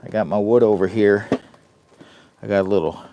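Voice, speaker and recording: A man's voice: on the low side, moderate pace, background noise. Folksy camper chatting from his tent. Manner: folksy, greets viewers by name, talks while working. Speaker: camping vlogger. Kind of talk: casual live-stream chat. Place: inside a heated tent in the rain.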